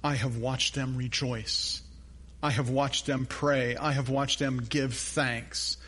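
A man's voice: medium pitch, fairly even intonation, slow, fairly bright tone. An older man, a grandfather and pastor, preaching a sermon in an earnest, conversational way with personal stories.

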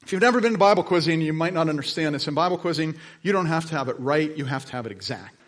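Male pastor preaching, slightly high-pitched, drops soft then builds to emphatic peaks, casual anecdotes. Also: lively intonation, very fast. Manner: dynamic delivery, swinging between soft lows and emphatic highs; conversational storytelling with asides. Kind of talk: sermon.

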